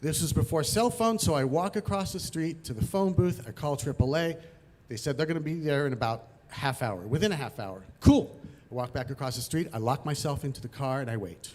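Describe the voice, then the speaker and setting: An animated man from Los Angeles telling a true story to an audience. His voice sits a little high and swings up sharply at the dramatic beats. He acts out each moment as he goes. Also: brisk. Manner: animated, vivid, acts out scenes. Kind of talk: personal storytelling performance.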